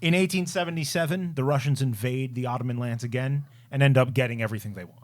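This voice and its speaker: A man co-hosting a casual history podcast, explaining events in quick bursts. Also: mid-range voice. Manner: explains events quickly, then recites a poem loudly. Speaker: podcast co-host.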